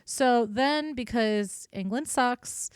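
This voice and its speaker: Woman, podcast co-host, casual irreverent storytelling, slightly high voice, smooth. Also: slow, dry recording, studio quality. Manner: irreverent and jokey, swears freely.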